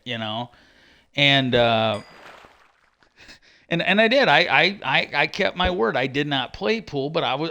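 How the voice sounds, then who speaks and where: A man's voice: fairly high pitch, sharp tone. A man telling a long rambling story in casual chat, profane and repeating himself as he goes. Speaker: streamer.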